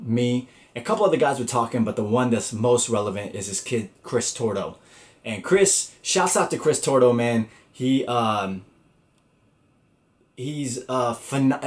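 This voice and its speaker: Young podcast guy rambling through a story, swearing a lot, mid-pitched. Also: expressive, a little slow. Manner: rambling, profane, laid-back. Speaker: podcast host. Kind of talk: casual storytelling chat.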